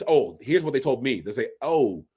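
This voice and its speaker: A man in his forties co-hosting a casual sports podcast, an animated storyteller who acts out quotes as he recalls his playing days. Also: medium pitch, brisk, husky. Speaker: podcast co-host, former NFL fullback.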